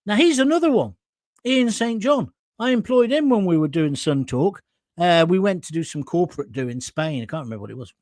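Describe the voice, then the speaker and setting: A man's voice: high voice, animated, a little fast, a little mellow, no room sound, clean studio sound. An older man hosting a live opinion show, reading out viewer comments and ranting with indignation and sarcasm. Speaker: host.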